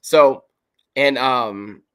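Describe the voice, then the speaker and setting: A man's voice: mid-range voice, drawn-out words, a bit bright, smooth. A man hosting a livestream, reading Bible verses aloud and commenting on them in an emphatic, preachy way. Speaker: podcast host.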